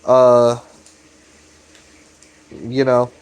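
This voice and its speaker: A man's voice: medium pitch, monotone, very slow, darkish tone, smooth. A young man giving a casual, rambling recap commentary, loose and profane, full of fillers. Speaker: video commentator.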